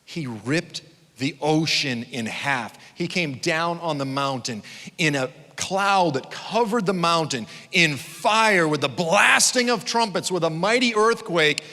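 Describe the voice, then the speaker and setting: A bright, forceful male preacher delivering an animated sermon in a large hall with a long echo. He tells stories with energy and bursts into loud acted-out quotes. His voice sits a bit high for a man. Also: measured pace. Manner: animated storyteller, acts out quotes with sudden shouts. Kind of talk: conference sermon.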